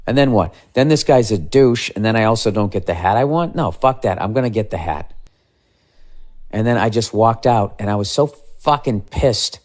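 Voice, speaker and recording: A man's voice: on the low side, expressive, normal speed, a little mellow. A man in his fifties ranting casually as a podcast host, profane and exasperated. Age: 50s. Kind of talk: casual comedic rant.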